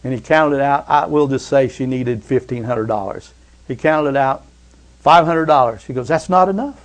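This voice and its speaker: A man preaching a sermon who tells stories and often calls out amen, swinging between loud fervor and hushed softness. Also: medium pitch, normal speed. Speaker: pastor.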